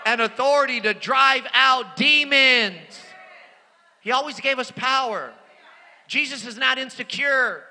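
A man preaching a sermon and telling stories, animated, swinging from hushed asides to shouted declarations. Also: extremely high pitch, a little slow. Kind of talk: sermon with personal storytelling. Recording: long reverb of a large hall.

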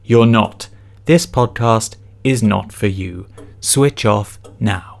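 A man hosting a comedy podcast, reading a scripted monologue in a solemn, mock-ceremonial deadpan. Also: on the low side, creaky. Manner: solemn mock-ceremonial delivery, slow chanting of a creed. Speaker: podcast host. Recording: loud guitar music behind.

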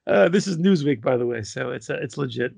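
A man's voice: medium pitch, lively intonation, fairly quick, gravelly, a little mellow, breathy edge, no echo. A man co-hosting a casual podcast, laid-back and stammering, swearing now and then. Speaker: podcast co-host. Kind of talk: casual chat.

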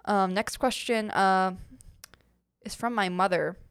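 Young woman host, casual solo Q&A, chatty and rambling, smooth voice, dry room. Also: medium pitch, steady tone, slow pace, a bit bright, dry recording. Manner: rambling, giggly, lots of fillers. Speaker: podcast host.

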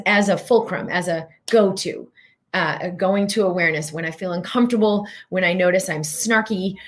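A woman's voice: mid-range voice, a bit bright. A middle-aged woman giving an earnest, reflective talk as a wellness coach, guiding listeners with questions.

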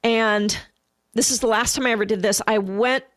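Woman, podcast co-host, realtor, casual animated storytelling, high-ish voice, dry sound. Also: moderate pace, no echo. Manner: animated, acts out quoted voices.

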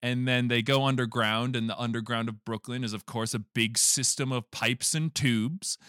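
A man hosting a casual podcast, retelling a film scene by scene and acting out the characters' lines in quick bits. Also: mid-range voice, clean tone, no echo, clean studio sound. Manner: animated storytelling, acts out lines of movie characters. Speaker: podcast host recapping a film. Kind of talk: casual chat.

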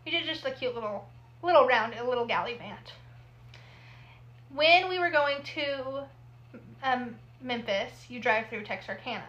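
Woman cohost on a podcast, bit higher pitched, teasing and chatty. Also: animated, normal speed, long pauses, a bit bright, highs cut off. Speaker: podcast co-host. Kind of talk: casual chat.

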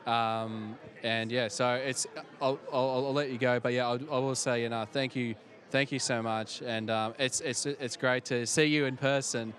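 A man's voice: medium pitch, steady tone, fairly bright tone. A male interviewer caught on the spot at an outdoor fan convention. He speaks casually in a mid-range voice, stumbling and restarting as he gathers his words. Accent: non-local accent. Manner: halting, many restarts and fillers.

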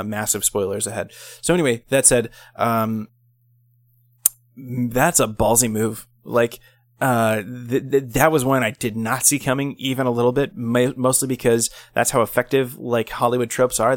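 A man's voice: medium pitch, flat delivery, moderate pace, no room sound. A man in his thirties co-hosting a casual movie review podcast, rambling and correcting himself with frequent ums. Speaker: podcast co-host.

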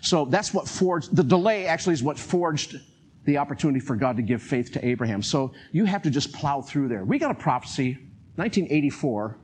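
An older man preaching a sermon in an animated way, acting out quotes and chuckling as he talks. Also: fairly high pitch, brisk, a little hiss or hum.

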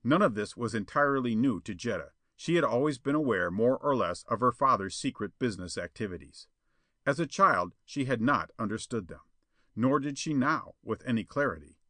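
A man reading a pulp adventure tale aloud as narrator, with an expressive storytelling manner. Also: medium pitch, moderate pace, no echo.

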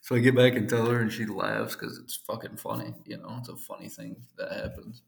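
A man's voice: on the low side, flat delivery, fairly quick, creaky. Laid-back, foul-mouthed man telling a story. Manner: profane, laid-back, laughs through the telling. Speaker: English teacher. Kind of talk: casual comedic storytelling. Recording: roomy echo.

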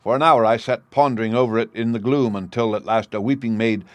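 A man narrating a classic detective story in a measured, steady reading. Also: mid-range voice, no echo. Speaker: audiobook narrator.

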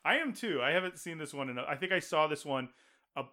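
A man's voice: on the high side, quick pace. An American man hosting a podcast, telling stories in casual chat with lots of laughs. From United States. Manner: laughing, animated storyteller. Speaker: podcast host.

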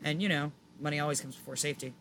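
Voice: mid-range voice, steady tone, racing, vocal fry, fairly bright tone, slight background noise. A podcast co-host in casual chat, opinionated and blunt, swearing freely. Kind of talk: casual chat about motor racing.

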